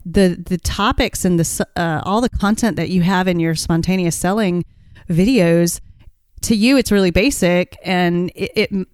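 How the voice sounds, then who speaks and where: Woman cohost, smooth clear voice a bit low, pep-talk coaching vibe. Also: normal speed, darkish tone, dry recording, clean studio sound. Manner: encouraging, coaching tone, pushes the other to act. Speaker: podcast co-host. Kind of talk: casual chat.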